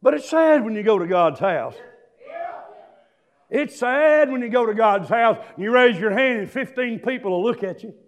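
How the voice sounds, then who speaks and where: A man preaching a sermon, telling stories and breaking into shouted hallelujahs. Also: very high-pitched, lively intonation, normal speed. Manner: emphatic storytelling, bursts into shouted hallelujahs.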